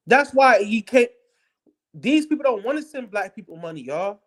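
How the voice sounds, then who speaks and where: This is a combative monologue, blunt and full of profanity, that keeps repeating its points for emphasis. The speaker talks straight at the viewer in a heated rant, at a middling pitch. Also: very animated, moderate pace, fairly bright tone. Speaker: political commentator.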